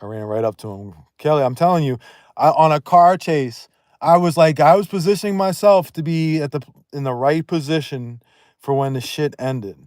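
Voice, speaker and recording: A man talking casually on a livestream, blunt and profane, rambling and quick to raise his voice. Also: on the high side, a little mellow, no echo, studio quality. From Northeast United States.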